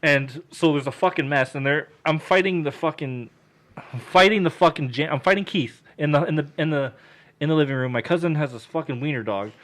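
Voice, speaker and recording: A young man co-hosting a podcast, telling a story in casual chat, swearing a lot and loudly acting out the people he quotes. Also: on the high side, fairly quick.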